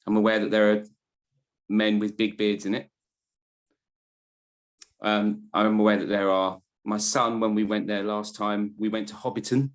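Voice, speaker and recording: A man in casual podcast chat, telling rambling, self-deprecating stories as a panelist. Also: lowish voice.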